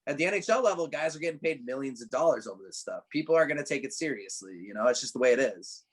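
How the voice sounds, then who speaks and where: A young man, a former college hockey player, telling stories in a relaxed podcast chat with many fillers and restarts. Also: medium pitch, quick pace, slightly rough. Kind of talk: casual interview chat.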